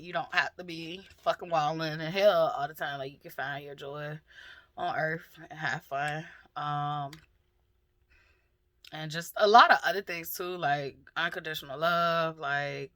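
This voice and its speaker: A middle-aged woman talking candidly and emotionally in a personal vlog, swearing freely and pausing often with fillers. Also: deep voice, sharp tone. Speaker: vlogger.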